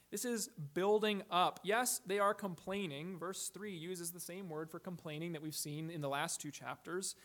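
A man with a notably high voice preaches a sermon from the pulpit. He speaks in a measured, deliberate way, leans on rhetorical questions, and stretches out key words for emphasis. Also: creaky. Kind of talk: expository sermon.

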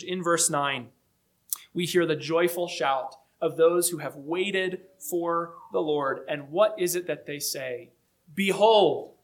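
A man preaching a sermon, measured and emphatic, slowing down to stress key phrases. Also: a little high, a bit bright.

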